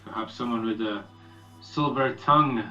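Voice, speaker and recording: British man, tabletop player, jokey pitch-maker, muffled lo-fi sound, music faint. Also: normal speed, pushed and bright, echoey room. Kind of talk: casual tabletop game chat.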